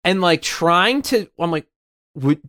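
A man's voice: a little high, animated, moderate pace, a bit bright. A man in his thirties in a rambling, swearing casual chat as a podcast co-host. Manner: rambling, swears freely, many restarts.

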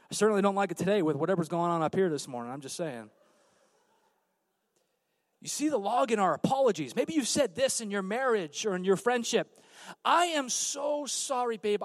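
A man preaching a sermon as pastor on a church stage, swinging from hushed, low passages to loud emphatic calls out to the congregation. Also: animated, brisk, dry recording.

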